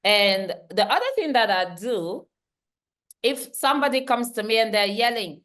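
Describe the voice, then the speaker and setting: Slow, emphatic woman trainer. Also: medium pitch, fairly bright tone. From Central Africa. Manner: emphatic, repeats key lines, laughs easily. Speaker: workshop trainer. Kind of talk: online leadership training talk.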